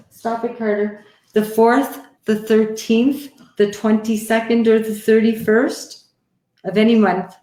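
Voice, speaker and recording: A woman's voice: on the high side, a little mellow. Chatty woman livestreaming in an echoey room. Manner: chatty and affectionate, calls people honey and sweetheart. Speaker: livestream host giving psychic readings. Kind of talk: casual live-stream chat. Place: home, indoors. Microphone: headset or computer mic on a live stream.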